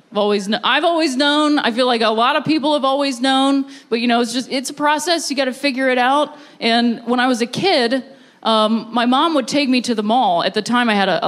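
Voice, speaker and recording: A woman from Ohio performing a stand-up comedy set, dropping deadpan punchlines between laughing, self-mocking asides. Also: a little high. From Ohio, USA. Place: comedy venue with a live audience.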